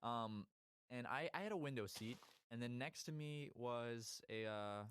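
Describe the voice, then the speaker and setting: A man's voice: mid-range voice, lively intonation, a little slow, a bit bright, smooth. A young man on a podcast, telling a rambling story in casual chat and acting out the voices of the people in it. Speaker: podcast co-host.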